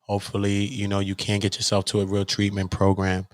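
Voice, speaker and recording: A man's voice: fairly low pitch, completely flat delivery, fairly quick, no room sound, studio quality. A man hosting his own channel, ranting in a confrontational, profane way and firing off rhetorical questions. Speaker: channel host. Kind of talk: heated livestream rant.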